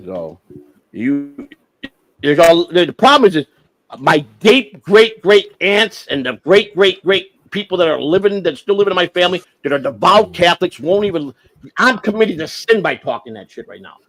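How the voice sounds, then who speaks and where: A man hosting a livestream, ranting with heavy swearing, flaring loud and then dropping to a mutter. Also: on the high side, expressive, moderate pace, low-quality recording. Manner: profane, heated, swings from shouting to muttering. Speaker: livestream host. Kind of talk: unscripted livestream rant.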